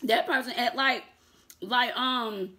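Woman, vlogger, bright voice, chatty, sassy, laughs a lot, casual talk to viewers. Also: on the high side, takes it slowly. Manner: chatty, addresses viewers as y'all, laughs often; defiant and sassy when calling out critics.

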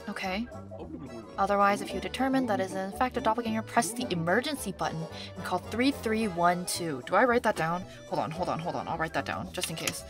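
A woman's voice: mid-range voice, expressive, fairly quick, music in the background. Chatty young woman streaming a game. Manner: scattered and chatty, many ums, gets flustered; reads on-screen instructions in a mumbly undertone. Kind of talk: live gameplay commentary, reading game text aloud.

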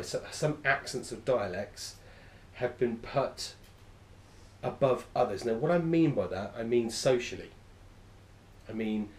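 A man's voice: medium pitch, a little mellow, a little hiss or hum. A man delivers a lecture in an echoey room. His voice sits in a middle register, and he rambles eagerly, stopping to correct and restate himself as he goes. He sounds like a teacher in front of a class. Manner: enthusiastic, rambling, self-correcting.

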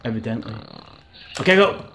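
A young man streaming a game live, reacting excitably, swearing and laughing at what happens on screen. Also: medium pitch, a little fast. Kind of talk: live gameplay commentary.

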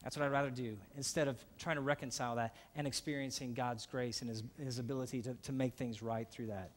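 A man preaching a sermon as pastor, earnest and swinging between emphatic passages and hushed, softly spoken ones. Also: medium pitch, fairly even intonation, fast talker, a little hiss or hum.

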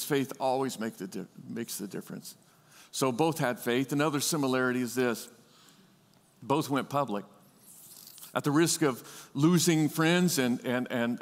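A man preaching a sermon as pastor in a large church, animated and leading the congregation to repeat words after him. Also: on the high side. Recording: church hall with long reverb.

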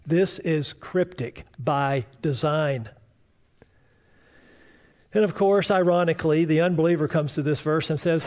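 A man's voice: fairly high pitch, unhurried, long pauses, a little mellow. A man preaching a sermon as pastor, building to fervent, rising declarations. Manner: preaching with rising fervor and mock voices of doubters.

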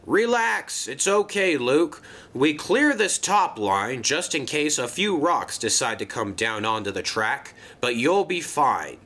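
A man voicing an excitable, bossy male crane who shouts warnings. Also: mid-range voice, takes it slowly, few pauses, voice pushed up, heavily acted. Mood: urgent. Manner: shouting, eager.

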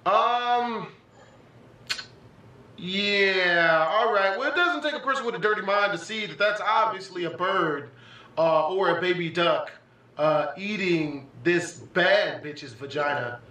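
A young man giving casual, profane, excitable reaction commentary on a vlog, often breaking into laughter. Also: high voice, slow pace. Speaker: vlogger. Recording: echoey room, far from the mic, faint music.

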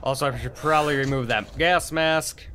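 A man's voice: medium pitch, moderate pace, a bit bright, a little hiss or hum. A young man giving gameplay commentary, frustrated and swearing as he mutters to himself. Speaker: gaming video host.

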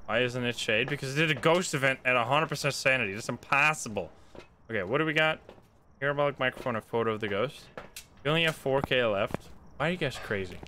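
Man, game streamer, live commentary, excitable, swears a lot, bright tone. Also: medium pitch, fast, slight background noise. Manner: excitable, swears and laughs at his own mishaps. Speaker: streamer playing a ghost-hunting game.

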